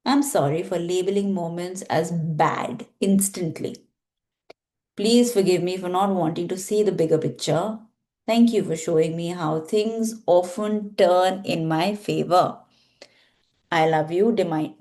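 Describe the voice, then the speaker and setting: Brief: woman healer guiding a practice, low and mellow, slow deliberate affirmations.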